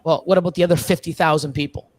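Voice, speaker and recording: A man from Canada talking casually on a live stream, rambling earnestly with many restarts and fillers, sometimes mimicking other people in quick bursts. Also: a little high, fairly even intonation. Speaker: reptile breeder guest.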